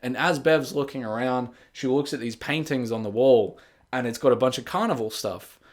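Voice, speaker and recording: A man giving a casual spoken movie review, sarcastic and exasperated, often jumping into high mocking voices to act out scenes. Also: moderate pace. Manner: animated, jumps into high mocking voices for quotes.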